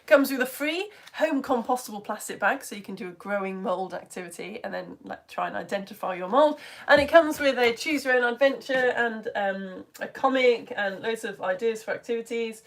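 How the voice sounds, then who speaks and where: A British woman, a physics teacher, chatting brightly on a live-stream lesson and hopping between asides. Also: fairly high pitch, expressive, creaky. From United Kingdom. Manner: bubbly, chatty, jumps between topics, quick asides. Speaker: physics teacher and livestream host.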